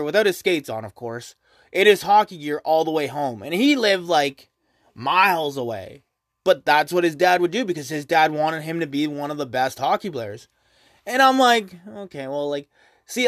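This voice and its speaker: A man's voice: fairly high pitch, dry recording, clean studio sound. A young man hosting a casual solo podcast, rambling and swearing, full of fillers. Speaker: podcast host.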